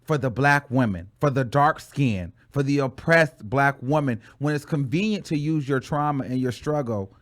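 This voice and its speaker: A man hosting a casual commentary chat, talking emphatically and insistently in quick bursts. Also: mid-range voice. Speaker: show host. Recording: tinny phone-like line.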